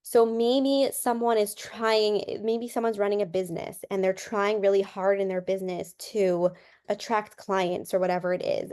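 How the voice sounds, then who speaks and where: A woman's voice: medium pitch, a little mellow, clean tone. Woman explaining with everyday examples. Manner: explains through examples, repeats words when restarting. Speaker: guest counselor and coach. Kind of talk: casual interview talk.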